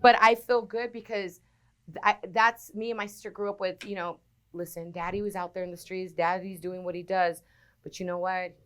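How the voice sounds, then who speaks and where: A radio personality in her forties chats as a guest in a casual interview, telling stories with animation and acting out the people she quotes. Her voice sits on the low side, with a clean tone and a moderate pace.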